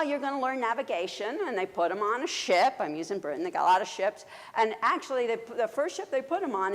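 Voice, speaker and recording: Brief: woman telling a story to a congregation, animated and halting, with long hall reverb. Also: medium pitch. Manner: animated, hesitant with fillers. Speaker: church storyteller. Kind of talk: sermon storytelling. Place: church sanctuary.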